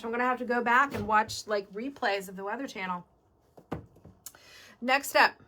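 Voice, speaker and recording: Bright chatty Midwestern woman host. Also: fairly high pitch. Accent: Midwestern American. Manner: chatty, upbeat, explains step by step. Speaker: quilt shop host. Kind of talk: live shopping sale.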